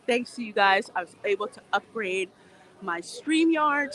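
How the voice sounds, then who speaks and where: Bright-voiced woman livestreaming on a walk. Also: a little high. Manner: chatty, laughs often, reads viewer comments aloud. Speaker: livestream host. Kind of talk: casual livestream chat while walking. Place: outdoors in a theme park. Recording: faint outdoor noise behind.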